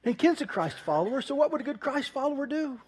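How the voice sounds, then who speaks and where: A man pastor preaching an animated sermon, telling a story and laughing often. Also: extremely high pitch, fast. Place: church.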